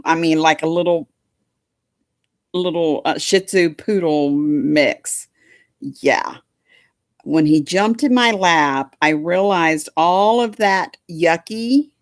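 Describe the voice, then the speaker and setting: A slow, unhurried woman chats to viewers from home, folksy and doting, with a lowish voice. Her talk drifts into baby talk with her dog, and the sound is close and dry. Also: dry recording. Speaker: livestream host chatting with viewers. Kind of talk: casual chat to a live audience.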